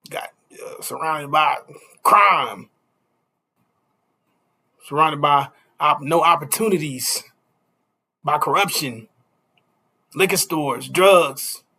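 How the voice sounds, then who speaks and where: A man's voice: on the high side, takes it slowly, pauses often, pushed and bright, husky. A man preaching a casual street sermon, stopping often to ask "you see?" and chuckling between points.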